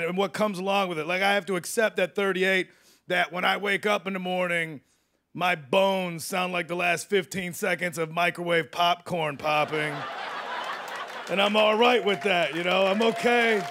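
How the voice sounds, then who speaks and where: A man in his late thirties doing a rambling, self-deprecating stand-up set on a studio stage, swinging between loud bursts and mumbled asides. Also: sits high, normal speed, crowd noise, background noise. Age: 30s. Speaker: stand-up comedian. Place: television studio stage with live audience.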